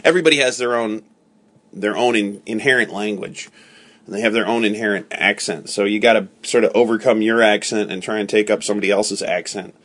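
Bright-voiced man, patient casual chat. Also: fairly low pitch, steady tone, brisk. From United States. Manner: patient, explaining, encouraging. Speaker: podcast host.

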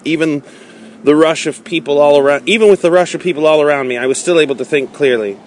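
A man reading a novel aloud in a measured way, with small slips and restarts. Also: on the high side, slight background noise. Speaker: audiobook reader.

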